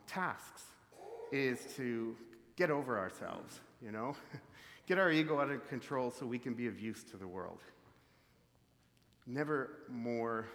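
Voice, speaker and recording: A man's voice: fairly low pitch, a bit bright. A man from the prairies preaching a sermon in an easy, reflective, conversational way with many fillers. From Canadian prairies. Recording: reverberant hall.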